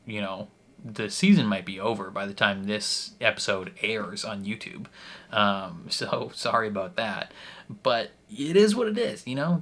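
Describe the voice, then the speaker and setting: A man's voice: fairly low pitch, fairly bright tone. Chatty young man hosting a reaction. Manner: rambling, jokey, laughs between phrases. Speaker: reaction channel host. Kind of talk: casual chat to camera.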